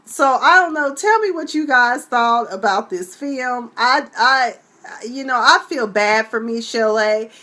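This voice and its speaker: A woman with talks casually on a live stream, her pitch swinging widely. She is chatty and animated, and her voice sits a little high. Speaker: vlog host.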